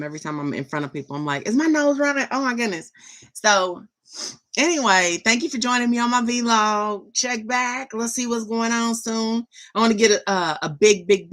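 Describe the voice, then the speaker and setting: A woman's voice: mid-range voice, pushed and bright. A middle-aged woman vlogging in a rambling, chatty and enthusiastic way. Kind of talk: casual chat.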